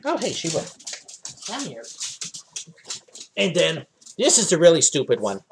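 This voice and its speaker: A man's voice: a little high, brisk, gravelly, a little hiss or hum. Chatty man hosting a livestream Q&A. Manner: chatty, relaxed, lots of ums and uhs. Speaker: livestream host answering viewer questions. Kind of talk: casual livestream chat. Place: home office.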